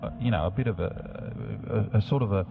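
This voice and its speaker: A man with a very low voice rambling in mock-earnest comic banter, full of ums and uhs. His voice comes through a tinny, phone-like radio feed with music underneath. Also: a little fast, creaky. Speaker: band member on community radio. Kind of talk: deadpan comedic banter.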